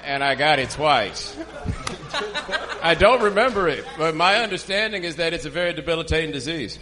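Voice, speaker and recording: A man's voice: a little high, expressive, a little fast, a crowd in the background. A man laughing and teasing in casual podcast chat. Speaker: podcast co-host.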